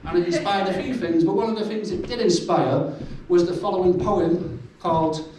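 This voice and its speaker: A middle-aged stand-up comedian with a Salford accent and a high voice tells blunt, self-mocking stories at a normal speed during a live set in a pub function room before an audience. The recording is echoey and noisy, with the mic far away.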